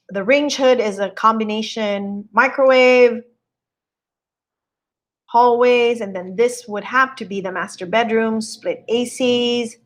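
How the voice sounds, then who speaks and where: A woman host on a casual live stream, walking viewers through a home listing in a chatty, admiring way and greeting viewers as she goes. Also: a little high. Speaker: real estate agent hosting a live stream.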